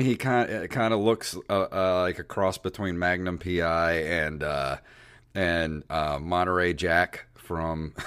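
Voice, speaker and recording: A man co-hosting a podcast, telling a long anecdote in casual chat and acting out the people in it. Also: low voice. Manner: animated, acts out voices in anecdotes. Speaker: podcast co-host. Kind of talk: casual storytelling.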